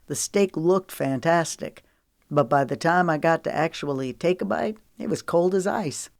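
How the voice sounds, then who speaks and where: A woman narrator voicing an easygoing young man who teases with a relaxed drawl, recorded dry and close. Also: low voice, moderate pace, vocal fry, dry recording. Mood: teasing.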